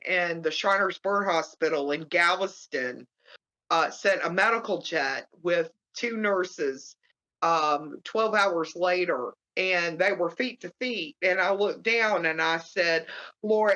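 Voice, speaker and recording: A middle-aged woman recounts a personal story in an interview, with lots of ums and restarts. Her voice sits a little low. The recording is muffled and lo-fi. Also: sharp tone. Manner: halting, many fillers and restarts. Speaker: guest. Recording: muffled low-fidelity audio.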